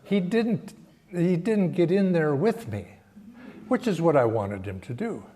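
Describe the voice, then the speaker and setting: An older man giving a Sunday sermon and telling a personal story in a reflective, halting way, often restarting his phrases. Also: a little high, sing-song. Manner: slow, reflective, halting phrasing with frequent restarts and soft laughs. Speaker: spiritual teacher giving a Sunday talk.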